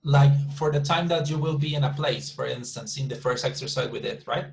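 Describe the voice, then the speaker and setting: A man's voice: medium pitch, flat delivery, a little fast, vocal fry, low-quality recording. A male English teacher, patiently explaining homework in an online class and often repeating words.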